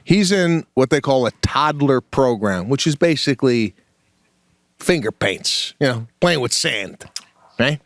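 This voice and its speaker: A middle-aged man co-hosting a podcast, telling a story in casual comedic chat, animated and swearing. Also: medium pitch, unhurried, no echo, studio quality. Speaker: podcast co-host.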